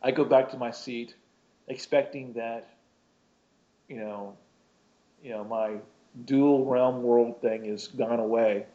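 Man, casual storyteller, rambling and self-interrupting with chuckles, middle pitch, dull lo-fi recording. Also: steady tone, takes it slowly, pauses often, mellow.

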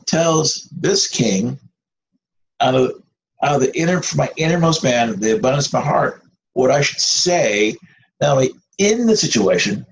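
A man preaching an informal sermon in a conversational, rambling way, with restarts and asides. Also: mid-range voice. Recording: dull lo-fi recording with faint noise.

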